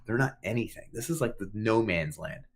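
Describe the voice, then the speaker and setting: A man's voice: lowish voice, fairly quick. A man co-hosting a podcast, telling a long story in casual chat, acting out what people said and swearing freely. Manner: animated, swears casually, acts out quotes. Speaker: podcast co-host.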